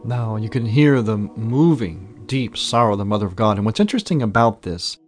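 A man's voice: fairly low pitch, expressive, brisk, faint music behind. A man giving thoughtful, explanatory religious commentary on a radio program. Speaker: radio commentator on Eastern Christian liturgy.

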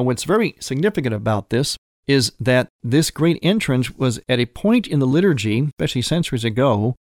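A man, a priest, explaining the liturgy in a measured, reverent way and reading prayers aloud, rising in pitch on key words. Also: darkish tone, no room sound, clean studio sound.

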